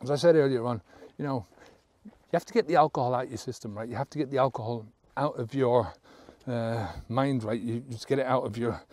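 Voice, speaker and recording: A man's voice: mid-range voice, fairly quick, hardly any pauses, a little mellow, no room sound. A man coaching listeners on quitting drinking, earnest and blunt, swearing casually and checking in with "right?" as he goes. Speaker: sobriety coach. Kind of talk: motivational talk to camera.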